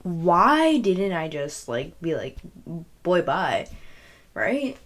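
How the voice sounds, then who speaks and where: A woman's voice: fairly low pitch, big pitch swings, takes it slowly, a bit bright. A young woman telling a personal story in a casual, rambling way, full of fillers and self-corrections. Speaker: podcast host.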